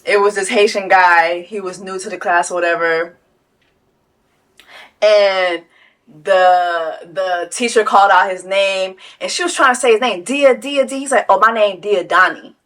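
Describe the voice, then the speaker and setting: A woman hosting a casual reaction commentary, loud and profane, breaking into laughter and talking straight to her viewers. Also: mid-range voice, fairly even intonation, a little slow. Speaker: host.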